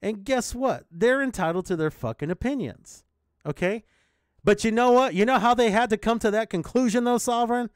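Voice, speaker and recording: A man's voice: sits high, normal speed, clean tone, no room sound, studio quality. A man hosting a casual chat with friends, blunt and teasing, swearing freely. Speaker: podcast host.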